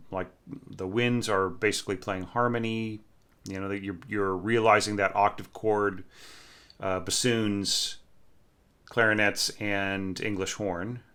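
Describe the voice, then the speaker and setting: In a clear, resonant tone, a man with a lowish, bright, forceful voice gives casual spoken critique of a student's orchestral score. He muses aloud with fillers, hums bits of the music, and sounds like a laid-back but precise teacher offering feedback.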